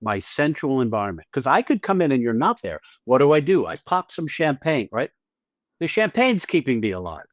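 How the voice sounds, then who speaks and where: A man with a mid-range, sing-song voice speaks at normal speed on his podcast, where he's an acting teacher; the studio sound is clean with no room sound. He's casual and animated, swears freely, and acts out little scenes using quoted lines.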